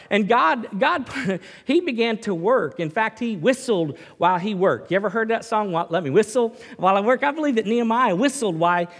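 Animated male preacher in a reverberant hall. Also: high-pitched. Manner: animated, swings from loud to hushed, repeats words. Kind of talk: sermon.

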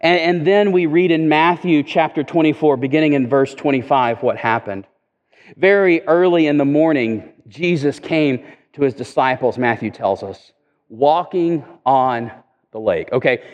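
A man's voice: medium pitch, animated, moderate pace, highs cut off. A man preaching a sermon in a conversational way, often repeating words as he goes. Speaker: pastor. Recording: echoey hall reverb.

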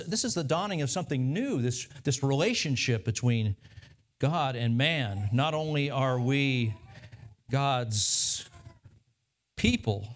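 A man delivers a sermon as pastor, earnest and measured at a middle pitch. He circles back on his phrases, repeating them for emphasis as he preaches. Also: slight background noise.

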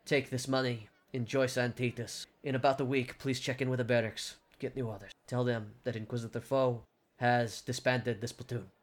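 A man playing a stern male inquisitor in a tabletop game, measured and dryly sarcastic. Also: medium pitch, flat delivery, natural voice. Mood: commanding.

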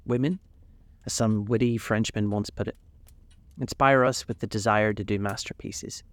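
A man voicing a languid, witty aristocratic gentleman in a storybook reading, with a drawling, amused manner. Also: fairly low pitch, fairly even intonation, moderate pace, no echo, close to an everyday voice.

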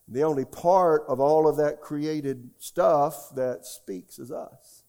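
Older male preacher, dark mellow tone, emphatic sermon delivery with call-outs to the congregation. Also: a little high, takes it slowly. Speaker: pastor.

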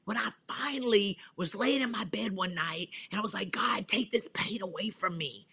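Woman, pastor, fervent preaching style, bright voice, husky. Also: medium pitch, normal speed. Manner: fervent, emphatic, folksy slang. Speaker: pastor and author, guest.

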